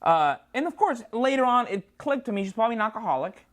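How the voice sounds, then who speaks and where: A woman's voice: a little high, sing-song, fast talker. A woman comedian telling a story as a guest, acting out both sides of the conversation with big jumps in her delivery. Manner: jumpy, acts out both sides of dialogue with big swings. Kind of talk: animated anecdote storytelling. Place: studio.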